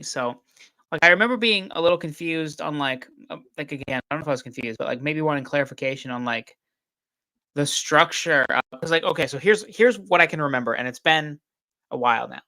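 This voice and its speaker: A tired man appears as a book reviewer guest on a video call, chatting casually about a novel in an easygoing, rambling way full of "like"s. His voice is on the high side and sharp, recorded dry.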